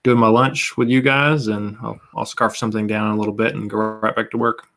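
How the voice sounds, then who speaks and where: A man's voice: on the low side, level tone, a little fast, a bit bright. An American man from the South with a Southern accent, speaking easygoingly and a little hesitantly as a panel guest. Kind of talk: casual chat.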